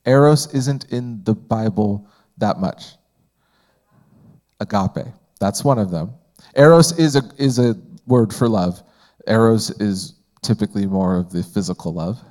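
A man's voice: on the low side, a little slow, a little mellow. A man teaching a Bible study in a conversational way, asking the group questions and often using fillers.

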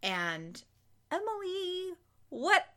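A woman co-hosting a podcast in casual chat, expressive and talkative, with sighs and groans. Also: very high-pitched, drawn-out words. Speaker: podcast co-host recapping a TV episode.

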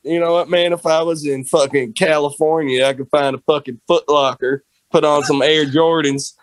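A man's voice: on the high side, steady tone, normal speed, no room sound, lightly acted, low-quality recording. A man doing a drawling southern Jesus. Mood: complaining. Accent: American Southern. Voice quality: drawling, rambling with "man" fillers. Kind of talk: comedic improv.

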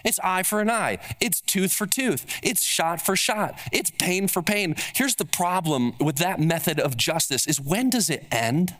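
A man's voice: lively intonation, moderate pace, a bit bright. A man preaching a sermon as pastor, stressing points with repeated rhetorical questions and acting out the words of those he quotes. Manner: acts out quoted speech with shifting pitch.

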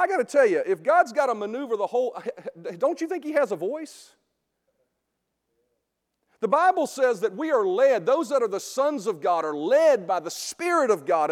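A man teaching a sermon in a conversational way, often checking in with a quick "right?". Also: very high voice. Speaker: preacher teaching a Bible series. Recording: long hall reverb.

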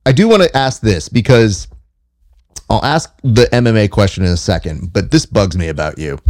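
A man's voice: mid-range voice, creaky, darkish tone. A man hosting a podcast, chatting casually and telling stories with a joking, self-mocking manner. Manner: joking, fast-talking storyteller. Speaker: podcast host. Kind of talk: casual chat.

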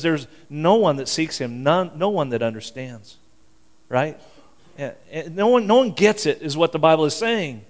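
A pastor's voice, sitting on the high side, carries a fervent church sermon. He talks in an animated, conversational way and keeps restarting.

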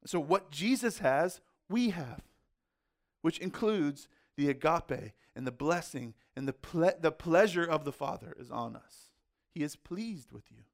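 High-voiced male pastor preaching conversationally. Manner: conversational preaching with rhetorical questions and asides. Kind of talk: sermon.

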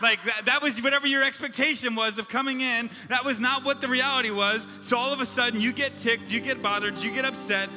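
High-voiced man preaching in a reverberant hall. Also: fairly even intonation, fairly quick, hardly any pauses, bright, forceful tone. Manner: emphatic, repeats phrases in rhythmic lists. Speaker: pastor. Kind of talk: sermon. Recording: reverberant hall with background music.

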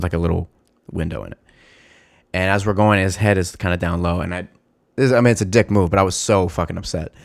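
A man with a fairly low voice tells a story in loose, casual talk. He is animated and profane, with lots of fillers and restarts. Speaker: former store security guard.

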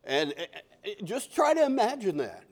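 A man's voice: sits high, wildly swooping pitch, moderate pace, a little mellow. An older man preaching a sermon as pastor, conversational and repeating key phrases.

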